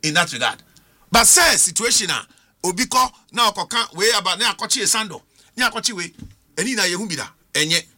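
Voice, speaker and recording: A man's voice: high-pitched, animated, normal speed, sharp tone. A middle-aged Ghanaian man arguing as a panelist on a political talk show, emphatic and full of rhetorical questions. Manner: emphatic, argumentative, rhetorical questions, mixes languages.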